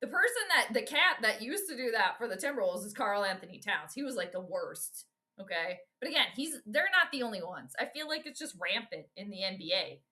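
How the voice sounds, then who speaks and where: Her medium-pitched voice is very animated, pushed and bright, and runs a little fast. This Minnesota woman hosts laid-back live game commentary, addressing viewers directly and reacting bluntly and with exasperation to each play.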